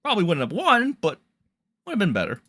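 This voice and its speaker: A young man hosts a livestream and rambles through crude, mocking commentary. His voice sits a bit high, swings widely in pitch and has a bright, forceful edge. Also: wildly swooping pitch, quick pace. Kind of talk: profane casual livestream commentary.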